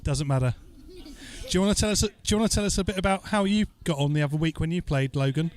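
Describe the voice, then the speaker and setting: A man with a fairly high voice talks fast as a stand-in podcast host, joking loosely through listener Q&A and casual chat while saying "uh" a lot.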